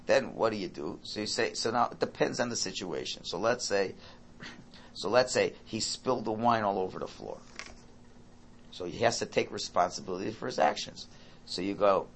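A man giving an informal Torah talk, animated and acting out parent and child dialogue. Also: lowish voice, moderate pace, a little hiss or hum.

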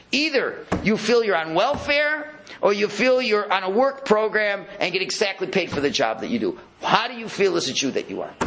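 A man teaching a religious lecture to an audience, acting out voices and dropping to a whisper. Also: sits high. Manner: animated, acts out voices, drops to a whisper. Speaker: rabbi giving a talk.

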